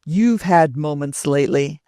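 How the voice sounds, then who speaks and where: A woman's voice: low voice, unhurried, dark tone, no echo, clean studio sound. A woman reading the part of an elderly, irritable grandfather who speaks in agitated protests.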